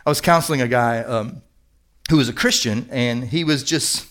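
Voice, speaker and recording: A man's voice: medium pitch, normal speed, fairly bright tone. A middle-aged man preaching a sermon as pastor, earnest and emphatic, repeating key words for weight.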